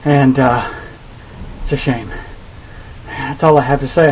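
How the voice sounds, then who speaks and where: A man filming his son's stitches for a video, answering critics with sarcastic, deadpan mock outrage. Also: mid-range voice, a little slow, pauses often, muffled recording, slight background noise. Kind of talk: mock-indignant vlog reply. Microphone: handheld camera.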